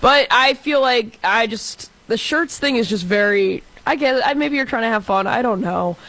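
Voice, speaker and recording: A young man in his twenties, from Texas, with a high voice. He chats casually about sports and fills his talk with "like" and "I don't know.". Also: normal speed, sharp tone, poor audio. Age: 20s. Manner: chatty, lots of fillers.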